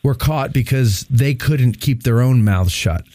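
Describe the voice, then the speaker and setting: A man's voice: mid-range voice, measured pace, mellow, no room sound, studio quality. A man hosting a talk show with callers, casual and teasing, laughing often. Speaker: host.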